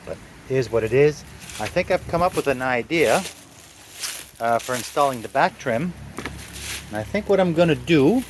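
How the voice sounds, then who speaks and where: A man's voice: mid-range voice, a little hiss or hum. A man restoring a classic car in his garage, talking casually to the camera with lots of fillers and a dry, sarcastic streak. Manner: easygoing, rambling, many fillers, dry sarcasm. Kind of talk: casual workshop vlog narration. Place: garage workshop.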